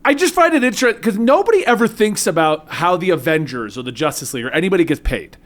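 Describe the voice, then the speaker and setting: A man's voice: high-pitched, big pitch swings, fast. A man co-hosting a casual podcast, joking around and steering the topic along. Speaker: podcast co-host. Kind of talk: casual comic-book chat.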